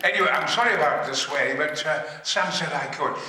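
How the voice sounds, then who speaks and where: An older man telling bawdy anecdotes on stage at a fan convention panel, booming, sweary and theatrical. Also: brisk, over a noisy crowd. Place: large convention hall. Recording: echoey hall recorded from far off.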